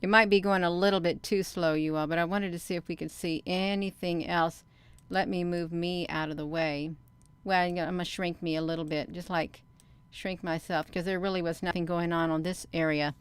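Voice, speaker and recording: Smooth, low-voiced woman rambling to viewers. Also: steady tone, no room sound. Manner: rambling and halting, with many fillers and restarts; talks straight to viewers as "you all". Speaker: vlogger. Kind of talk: casual commentary while showing her own sky footage.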